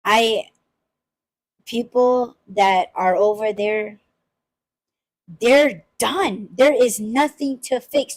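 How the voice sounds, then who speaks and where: A woman's voice: on the high side, slow, poor audio. A woman in casual podcast talk, blunt and profane, ranting and mimicking the people she criticizes.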